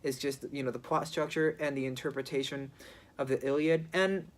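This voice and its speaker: An amateur film reviewer speaking off the cuff at an ordinary mid pitch. The delivery is hesitant, full of restarts and "you know" fillers as each thought is worked out aloud. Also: fairly even intonation, brisk. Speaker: movie reviewer. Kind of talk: casual spoken movie review.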